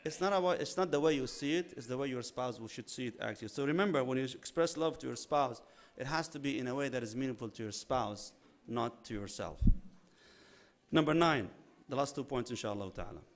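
A man preaching a sermon, animated, acting out little dialogues and mixing in Arabic religious phrases. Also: medium pitch, a little fast. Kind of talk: sermon on marriage.

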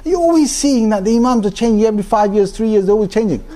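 Animated man giving a talk. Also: high-pitched, fast. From United Kingdom. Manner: animated, humorous storytelling with frequent restarts. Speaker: Islamic speaker. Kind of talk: informal talk to a congregation.

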